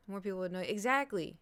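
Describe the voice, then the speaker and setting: A woman's voice: mid-range voice, a bit bright. A woman streamer, rambling in casual chat to her viewers and cursing now and then. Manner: rambling, restless, swears casually.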